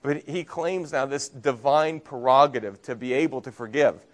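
A male pastor delivers a sermon in a mid-range voice. He preaches earnestly, pressing key words with rising force and then sinking into quiet, low lines. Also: moderate pace. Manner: earnest preaching, rising emphasis and soft drops.

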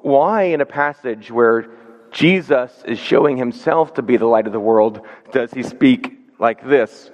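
A man preaching a sermon as pastor, earnest and measured, slowing down to stress key words. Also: mid-range voice, a little mellow. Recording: dull sound with long hall reverb.

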